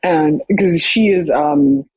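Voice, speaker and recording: Young woman podcast guest, casual storyteller, husky breathy voice, dead-dry recording. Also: sits low, slow pace, no room sound, low-quality recording. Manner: animated, frequent fillers and quoted dialogue.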